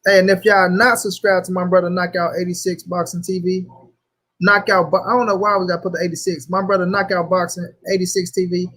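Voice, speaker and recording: A man's voice: sits high, flat delivery, a little fast, sharp tone. A young man hosting a casual livestream, talking loosely in slang and greeting viewers by name. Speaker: livestream host.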